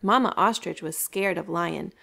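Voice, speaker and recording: A woman's voice: fairly low pitch, normal speed, gravelly. A woman telling a story to children at a library story time, speaking to them directly. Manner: bright, animated, addresses children.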